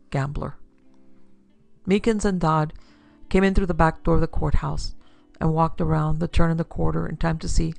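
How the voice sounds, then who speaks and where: A woman narrates a classic pulp detective story at an even, storytelling pace. Her voice has a gravelly texture at a middle pitch. The recording is dry and close, with faint music underneath. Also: no room sound. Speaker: narrator and producer. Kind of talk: scripted narration of pulp fiction.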